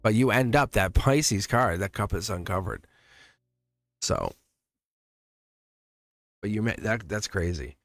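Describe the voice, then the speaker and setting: A man's voice: fairly low pitch, lively intonation, slow pace, pauses often, dry recording, clean studio sound, faint music behind. A man giving a casual live-stream tarot reading. He talks in a chatty, emphatic, reassuring way and laughs often between phrases.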